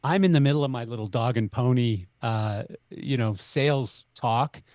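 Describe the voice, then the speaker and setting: A man's voice: medium pitch, normal speed, darkish tone, dry recording, studio quality. A middle-aged man from Canada, a podcast guest, telling stories in conversation and acting out both sides of the dialogue. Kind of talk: conversational storytelling.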